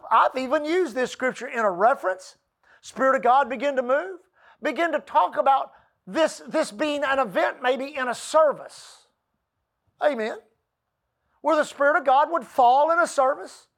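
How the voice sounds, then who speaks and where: A man preaching a sermon, reading scripture slowly and calling out to the congregation for responses. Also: extremely high pitch, a bit bright. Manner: preaching with rising emphasis and call-and-response; reads scripture aloud slowly. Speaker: pastor.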